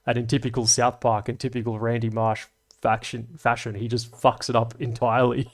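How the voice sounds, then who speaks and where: A man's voice: mid-range voice, little pitch movement, fairly quick. A man hosting a livestream, chatting casually and reading out comments, rambling, swearing and laughing often. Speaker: livestream host.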